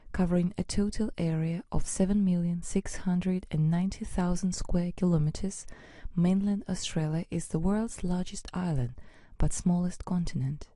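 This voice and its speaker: A woman narrating an educational lesson in a steady, explanatory reading voice. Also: on the low side, moderate pace, no echo.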